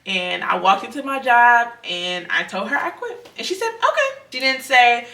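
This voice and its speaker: A woman's voice: on the high side, moderate pace, vocal fry, pushed and bright. A young woman earnestly sharing a personal faith testimony in a conversational, repetitive way. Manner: earnest, conversational, repeats herself. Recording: roomy sound, mic at a distance.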